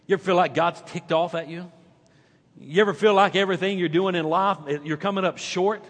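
A male pastor preaching a sermon in a church, swinging from loud animated peaks to hushed quiet stretches. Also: high-pitched, brisk, in a large hall.

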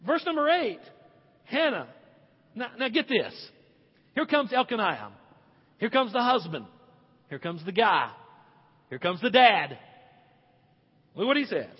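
High-voiced husky pastor in a hall. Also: male voice. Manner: animated, emphatic, slows for stress. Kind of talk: sermon. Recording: dull sound, long hall reverb.

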